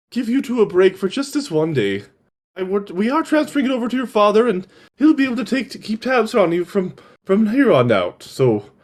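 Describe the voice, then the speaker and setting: A man's voice: high-pitched, darkish tone. A man as a pompous fed-up wizard. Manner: pompous, exasperated. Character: haughty, fed-up male wizard.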